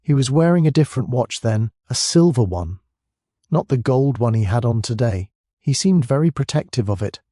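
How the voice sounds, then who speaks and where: A man voicing a polite, measured curry house owner who confides what he saw. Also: mid-range voice, animated, warm tone, dry recording, clean studio sound, lightly acted. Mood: earnest. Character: calm middle-aged man running a curry house kitchen.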